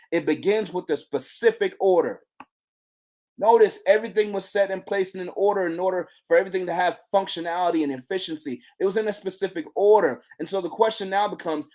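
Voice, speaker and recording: Excitable devotional preacher. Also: medium pitch. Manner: excitable, shouts out bursts of praise. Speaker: devotional challenge leader. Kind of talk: energetic devotional teaching. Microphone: handheld camera.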